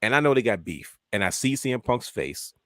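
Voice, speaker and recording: A man's voice: mid-range voice, sing-song, a little fast, no echo, studio quality. A man co-hosting a podcast in casual chat, telling stories with animation and acting out his own reactions. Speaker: podcast co-host.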